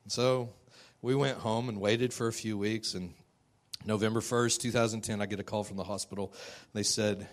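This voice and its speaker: A man sharing a personal testimony in a conversational storytelling style, self-deprecating and quick to laugh. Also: on the low side, steady tone.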